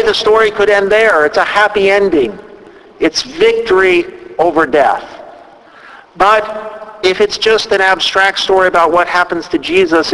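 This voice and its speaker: A man preaching a sermon, retelling a scripture story at a measured pace and quoting its dialogue. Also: fairly high pitch, fairly bright tone, in a large hall, poor audio. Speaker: pastor. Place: church.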